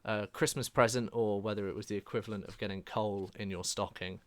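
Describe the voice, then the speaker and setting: A man with a low, smooth, resonant voice hosts a laid-back music podcast. He talks in casual chat, slipping in dry jokes between frequent "uh"s. The sound is close and dry. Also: fairly even intonation, fairly quick, no room sound. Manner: dry jokey asides, frequent "uh" hesitations. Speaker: podcast host.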